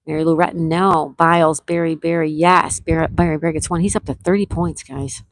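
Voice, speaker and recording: A woman runs a casual online quiz, calling out players' names and scores in a friendly, easygoing way. She reads each question twice at a measured pace. The sound is dry and close, with no room around her. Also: low-pitched, fairly even intonation, no room sound, poor audio. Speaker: trivia game host. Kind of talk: casual live-stream quiz hosting.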